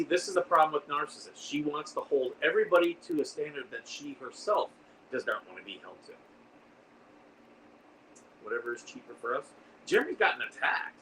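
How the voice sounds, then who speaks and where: Hosting a relaxed livestream, a man rambles along and replies to viewer comments as he reads them aloud. His voice sits a little high with a sharp tone, picked up by a distant mic over faint background noise.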